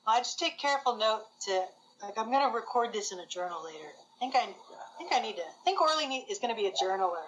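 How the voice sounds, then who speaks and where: Keen young-sounding female player, higher voice, light hiss behind. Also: lively intonation, fast, fairly bright tone, dull audio. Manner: eager, curious, questioning.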